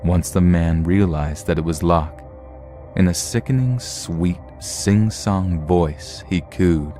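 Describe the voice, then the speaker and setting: A man with a very low, dark voice reads scary stories aloud in a steady, measured way. A faint music bed plays softly behind his narration. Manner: steady, measured storytelling read. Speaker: narrator reading horror stories. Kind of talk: scripted horror story narration.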